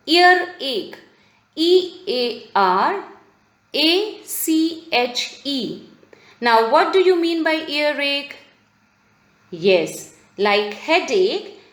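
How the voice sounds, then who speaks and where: Slow, sing-song woman teacher. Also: high voice, reverberant. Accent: Indian English. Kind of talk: online class lesson.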